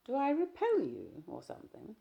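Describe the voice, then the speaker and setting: A woman's voice: high voice, huge pitch swings, normal speed, creaky, mellow, lo-fi sound, pitched above the performer's own voice, full character voice. Woman reading an insecure, pleading young wife. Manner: pleading, needling questions. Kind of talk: audiobook character dialogue.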